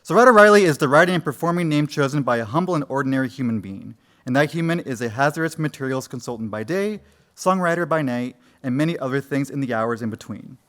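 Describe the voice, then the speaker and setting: A man's voice: medium pitch, lively intonation, fast talker, fairly bright tone. A man opening a university conference in a lecture room, formally thanking sponsors and introducing the keynote speaker. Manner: formal, reads out a list of thanks.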